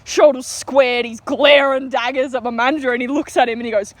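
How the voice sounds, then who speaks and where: A woman's voice: sits high, fairly even intonation, fairly quick, no room sound. A teenage girl with an Australian accent, telling a story in a chatty, giggly way with lots of fillers, recorded outdoors. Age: teens. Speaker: vlogger. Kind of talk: storytime rant.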